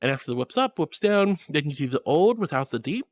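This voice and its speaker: A woman streams and chats casually with her viewers, playful and over the top, and her pitch leaps and dips constantly. She calls people honey and sweetie, and faint music plays underneath her. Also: sing-song, brisk, a little mellow, no room sound. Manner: playful and dramatic, often laughing. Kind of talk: casual livestream chat.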